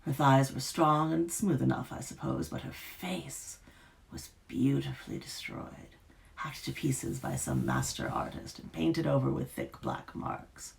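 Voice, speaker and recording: Gravelly, expressive woman reading aloud. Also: very deep voice, measured pace. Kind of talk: live fiction reading.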